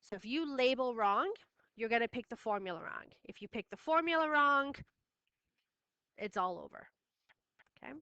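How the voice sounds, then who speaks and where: A woman's voice: fairly high pitch, lively intonation, normal speed, pauses often, sharp tone, smooth, no room sound, lo-fi sound. A woman teaching a math lesson, firm and repeating key steps for her students. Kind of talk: classroom lesson recording.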